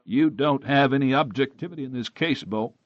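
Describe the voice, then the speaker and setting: A man voicing a calm, dry-witted male lawyer who speaks in a measured, wry way. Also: medium pitch, no room sound, muffled recording, pitched above the performer's own voice, natural voice.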